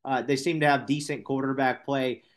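A man's voice: mid-range voice, steady tone, normal speed. Guy doing football picks on a podcast, casual, tongue in cheek, corrects himself a lot. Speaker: podcast co-host making sports picks. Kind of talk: casual sports betting chat.

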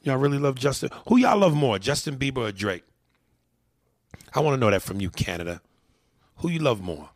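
A man's voice: medium pitch, animated, fairly quick, no room sound, clean studio sound. A man hosting a podcast, talking in loose, profane, joking banter and reading out listener mail. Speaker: podcast host. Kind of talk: casual podcast chat.

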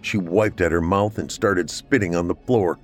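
A man narrating a scripted horror story in a steady, measured way. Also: low-pitched, soft background music.

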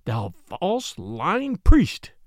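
A proud knight brought low, read by a man who voices him, speaking in solemn, archaic phrases. His voice sits high and moves a lot, with a gravelly edge, recorded close and dry. It sounds like a classic storybook reading. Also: big pitch swings, moderate pace, a bit bright, no echo, exaggerated voice. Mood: stern. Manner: solemn, pleading then stern. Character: proud wronged knight, older man, stern.

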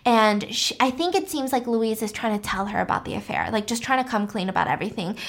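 A woman host recapping a story in a chatty, animated way with many fillers. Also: fairly high pitch, fast talker.

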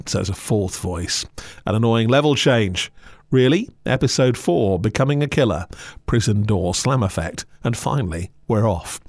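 A man's voice: fairly low pitch, a little mellow, no echo, clean studio sound. A man hosting a podcast, narrating scripted reviews in a sardonic, mocking way. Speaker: podcast critic host.

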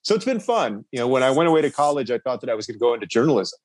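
A man in his forties from Texas, a podcast guest talking in an earnest, measured way and laughing easily. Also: medium pitch, sing-song, no room sound. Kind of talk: casual chat.

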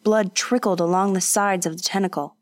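A woman narrating a story in a steady, measured audiobook reading. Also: medium pitch, dry recording.

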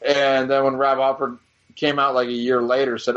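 A man's voice: medium pitch, flat delivery, moderate pace, fairly bright tone. A man co-hosting a casual chat, telling stories in a rambling, profane way with lots of restarts. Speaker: podcast co-host. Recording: dull lo-fi sound.

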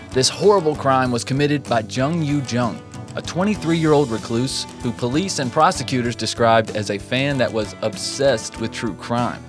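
A man's voice: mid-range voice, moderate pace, music in the background. A man hosting a podcast in a joking, upbeat manner. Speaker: podcast host. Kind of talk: casual podcast chat.

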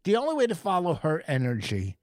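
A man's voice: on the high side, huge pitch swings, brisk, darkish tone, no echo, clean studio sound. A male comedian co-hosting a podcast, swearing and talking over his co-host as he insists on finishing his story. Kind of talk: argumentative podcast banter.

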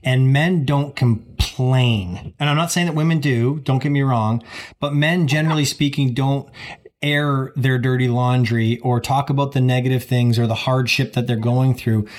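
A man's voice: mid-range voice, steady tone, moderate pace. A man hosting a podcast in a casual chat, explaining his views at length in a reflective way. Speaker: podcast host.

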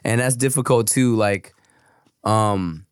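A man co-hosting a podcast, a father talking casually about his toddler, relaxed and a little profane. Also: on the low side, slow pace, clean tone, no echo, studio quality. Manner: laid-back, says "bro" and "dog", swears casually. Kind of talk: casual chat.

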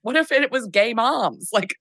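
A woman co-hosting a podcast, chiming in with quick agreement and dry jokes. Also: on the high side, expressive, a bit bright, dry recording. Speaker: podcast co-host. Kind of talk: casual comedic chat.

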